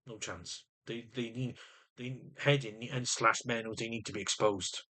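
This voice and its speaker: A man's voice: mid-range voice, fairly even intonation, normal speed, pushed and bright. A middle-aged man in an agitated personal rant to camera, often stumbling and repeating words as he vents. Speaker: vlogger.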